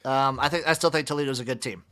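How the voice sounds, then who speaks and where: A man hosting a casual sports podcast, running through scores with wry, deadpan remarks. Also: medium pitch, fast. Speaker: podcast host.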